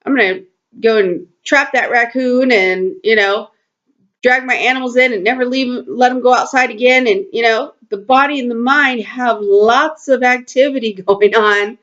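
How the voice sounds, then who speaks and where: A woman hosting a spiritual talk speaks earnestly to camera in a personal vlog, rambling with lots of fillers and restarts in a slightly lo-fi home video. Her voice is a little high and fairly bright, at a moderate pace.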